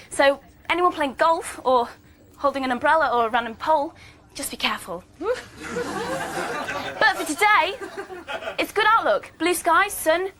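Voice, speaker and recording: Bubbly bright young woman. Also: sits high, a little hiss or hum. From England, Manchester. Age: 20s. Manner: bubbly, upbeat. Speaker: contestant presenting weather. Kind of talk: mock weather report.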